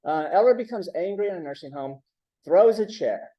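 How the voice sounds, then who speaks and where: A man's voice: high voice, expressive, normal speed, muffled recording. A man giving a conversational training talk, checking in with the audience with frequent "right?". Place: symposium room.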